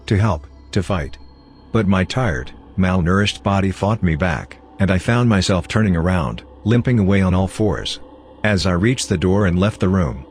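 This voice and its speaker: A man reading a first-person horror story aloud in a grave, measured way. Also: low voice, slight background noise. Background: faint background music.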